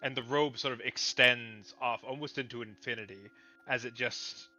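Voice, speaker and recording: Male game master with a bright tone and relaxed, laid-back narration on a slightly lo-fi recording. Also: mid-range voice, moderate pace, faint music behind. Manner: relaxed, laughs easily, loose descriptive narration. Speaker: dungeon master.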